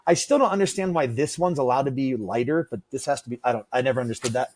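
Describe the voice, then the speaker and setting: A man's voice: medium pitch, fast talker, a little mellow, slight background noise. A man chatting casually on a podcast about the gear he makes, rambling and self-deprecating, swearing freely. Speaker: podcast guest, gear maker. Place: room with adjustable lights.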